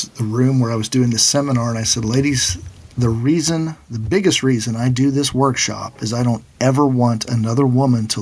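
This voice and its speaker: A middle-aged man, a financial planner, telling a personal story in a conversational, animated way. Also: mid-range voice, husky. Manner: animated storyteller who acts out quoted voices.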